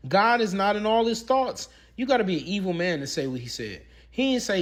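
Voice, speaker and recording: Casting: male preacher-commentator, higher voice, very lively swings, emphatic and repetitive, rhetorical questions. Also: moderate pace, few pauses. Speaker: religious commentator. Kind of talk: preaching commentary with scripture reading.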